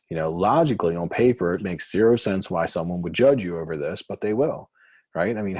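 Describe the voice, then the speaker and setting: A man coaching a group call, chatty and quick, acting out short quotes as he explains. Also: low-pitched, a little mellow, slightly rough, no echo. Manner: fast, chatty, acts out quotes.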